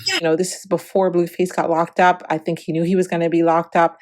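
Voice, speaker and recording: A woman's voice: fairly low pitch, little pitch movement, a little fast, a little mellow. A woman hosting a celebrity gossip vlog, giving preachy, opinionated commentary with emphatic repetition.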